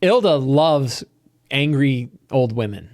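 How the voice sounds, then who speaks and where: A man, the game master, recapping a tabletop game session in a rambling, animated storytelling way. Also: medium pitch, slow, no room sound, clean studio sound. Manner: rambling, animated storytelling with quoted character lines.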